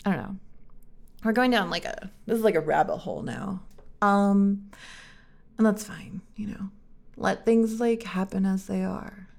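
A young woman talks to her audience on her own in a loose, meandering way, full of fillers and trailing thoughts. She sounds tired and sleepy, and a thick, gravelly vocal fry runs through her mid-pitched voice. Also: unhurried, long pauses. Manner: rambling, with many fillers and soft laughs. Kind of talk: casual solo chat.

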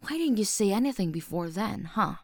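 A woman's voice: medium pitch, expressive, fairly quick, dry recording, clean studio sound. A young woman in an audio role-play, talking to the listener as an aggressive, mocking, swearing bully.

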